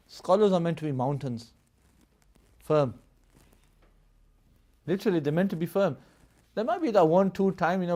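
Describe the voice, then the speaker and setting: A man's voice: fairly high pitch, warm tone. A man teaching a live classroom lesson, explaining at length, laughing often, and checking in with his students as he goes. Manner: explanatory, keeps checking in with "Yes?" and "Yeah?". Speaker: religious studies teacher.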